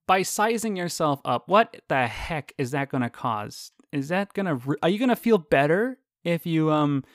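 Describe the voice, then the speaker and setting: A man's voice: fairly high pitch, lively intonation, normal speed, no echo, clean studio sound. A man hosting a podcast from his home office, rambling and chatty and often correcting himself. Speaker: podcast host. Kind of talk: casual monologue.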